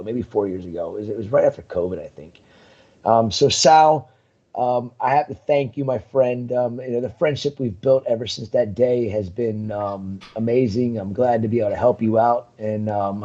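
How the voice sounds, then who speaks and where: A man's voice: on the low side, warm tone, highs cut off. A man, a guest on a live talk show, casually telling rambling stories with lots of fillers and laughter. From United States. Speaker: guest, coral farm owner. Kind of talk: casual chat, storytelling.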